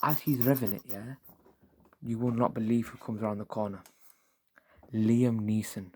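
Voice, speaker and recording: A man, an ASMR creator telling a long, rambling, absurd story in a soft-spoken way. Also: fairly low pitch, fairly even intonation, normal speed, slight background noise.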